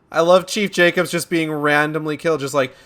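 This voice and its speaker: A man's voice: fairly high pitch, a bit bright. A man giving casual, sarcastic commentary while playing a horror game, swearing often. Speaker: gamer. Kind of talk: let's play commentary.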